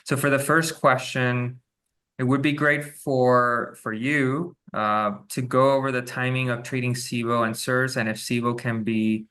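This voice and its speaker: A man with a bright, forceful tone hosts an interview over a video call. He muses aloud with his own experience and speaks at a middle pitch. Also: flat delivery, a little slow. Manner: thoughtful, musing, shares his own experience. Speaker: interview host. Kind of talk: conversational interview.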